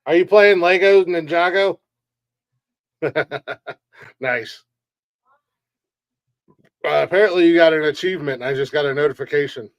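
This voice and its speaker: A man's voice: a little high, measured pace, pauses often, no room sound, dull audio. A man hosting a comedy podcast, ranting in a brash, profane, joking way. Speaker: podcast host. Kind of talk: casual comedy podcast chat.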